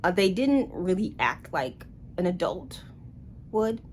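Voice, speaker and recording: A woman's voice: lowish voice, sing-song, slow, darkish tone, slight background noise. A woman giving a casual book review in a blunt, sarcastic way.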